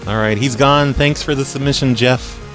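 A man hosting a prank call show, talking in a deadpan, needling way. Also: mid-range voice, normal speed, faint music behind. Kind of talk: casual prank call podcast.

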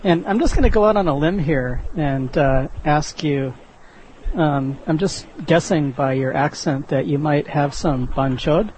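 Young guy prank calling a pizza place, straight-faced fake politeness, slightly high voice. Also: measured pace, slight background noise, low-quality recording. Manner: mock-polite, deadpan. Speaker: prank caller. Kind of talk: prank phone call.

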